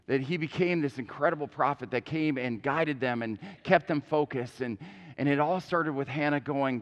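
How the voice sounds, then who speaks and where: A man's voice: mid-range voice, lo-fi sound. A man preaching a sermon as a pastor, earnest, often repeating words as he starts a phrase, with an Upper Midwest American accent. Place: church sanctuary. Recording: long church hall reverb.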